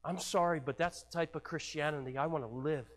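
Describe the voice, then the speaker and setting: A man's voice: a little high, fairly quick. A man preaching a sermon as pastor, earnest and stumbling over repeated words as he presses his point. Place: church sanctuary. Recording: long hall reverb.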